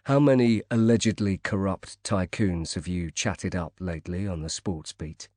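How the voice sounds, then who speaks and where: A man's voice: low-pitched, normal speed, dry recording, clean studio sound. A man reading a cool-headed investigator. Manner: calm, polite, cool. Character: composed male private investigator.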